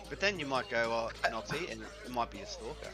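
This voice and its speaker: An Australian man on a gaming voice call, teasing and laid-back. His voice is bright and sharp-edged. Faint music plays underneath. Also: medium pitch, lively intonation, fast. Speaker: friend in voice chat. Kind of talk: casual chat.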